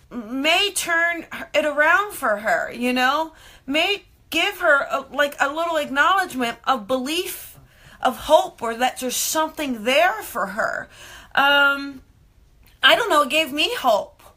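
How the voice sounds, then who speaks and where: A woman medium hosting a live-streamed show, telling stories in a chatty, animated way and acting out the voices of the people in them. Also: high-pitched. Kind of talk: live-streamed casual storytelling.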